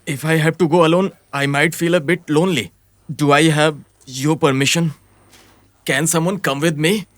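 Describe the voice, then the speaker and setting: A man's voice: a little high, fairly even intonation, moderate pace, fairly bright tone, natural voice. A man voicing a fed-up office worker in a dubbed film, grumbling and easily confused. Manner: grumbling, bewildered. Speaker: office employee turned hired agent.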